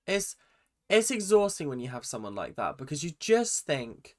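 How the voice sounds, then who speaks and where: A man's voice: fairly high pitch, very animated, normal speed. A young man giving a chatty, exasperated recap of a reality show, full of ums and restarts. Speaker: reaction vlogger. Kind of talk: casual recap commentary.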